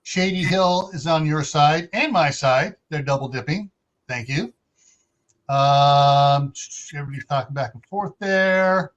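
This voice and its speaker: A man's voice: on the high side, measured pace, fairly bright tone, lo-fi sound. A middle-aged man hosting a casual livestream chat, laughing often and reading out viewer comments. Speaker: host.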